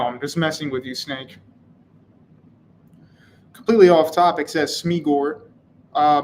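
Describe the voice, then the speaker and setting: A man with a slightly higher voice talks casually on his own live stream, wry and a little rambling, reading chat and answering it. A faint hiss of noise sits under his voice. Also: poor audio. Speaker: channel host.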